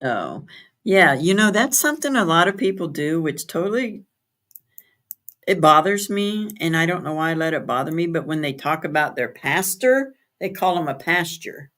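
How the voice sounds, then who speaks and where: A woman livestreaming casually from home talks with viewers through her streaming setup, replying to comments by name, spelling out words and laughing a lot. Her voice is on the low side, expressive and a bit bright, at a normal speed.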